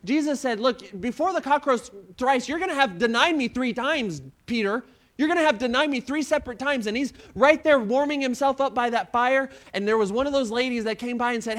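A male pastor preaching a sermon, retelling a story with acted-out quotes and dropping to hushed tones at moving moments. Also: extremely high pitch, brisk.

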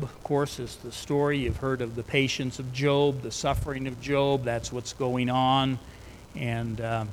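A man's voice: mid-range voice, a bit bright, a little hiss or hum, poor audio. A man preaching a sermon in an earnest way, retelling scripture in plain everyday words.

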